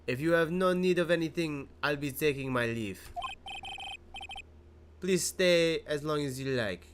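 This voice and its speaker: A man's voice: on the high side, unhurried, background noise, voice pushed up, lightly acted. A man voicing a polite male hotel bellboy in a put-on French accent, fussy and formal, over game music. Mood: courteous. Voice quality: loud and fussily formal.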